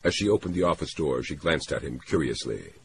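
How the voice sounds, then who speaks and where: A man reading a novel aloud in a measured, expressive storytelling manner. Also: a bass voice, creaky, background noise. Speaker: reader.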